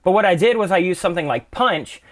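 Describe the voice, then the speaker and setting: A young man explaining music production software in a relaxed, chatty tutorial, full of casual fillers. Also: high-pitched, quick pace. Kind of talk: casual screen-share tutorial.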